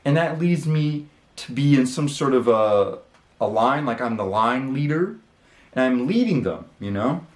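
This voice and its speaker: Guy rambling through a story, lots of likes and okays, mid-pitched, echoey room. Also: lively intonation, a little slow. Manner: rambling, with many fillers and casual swearing. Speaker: channel host. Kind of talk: casual storytelling. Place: his room.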